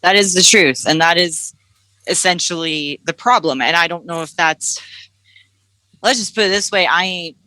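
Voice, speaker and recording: A woman's voice: lowish voice, normal speed, bright, forceful tone, dry recording. A Canadian woman in her thirties, a podcast guest, talking candidly and rambling over a remote call. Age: 30s. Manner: candid, rambling, laughs nervously. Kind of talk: casual chat. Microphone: headphones on remote call.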